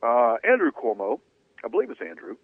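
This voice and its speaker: Here a sports talk radio co-host relays a story loosely and conversationally, leaning on hedging fillers. He has a medium-pitched, breathy voice that swoops wildly and moves fairly quickly, heard through dry, tinny, phone-like radio audio with no echo.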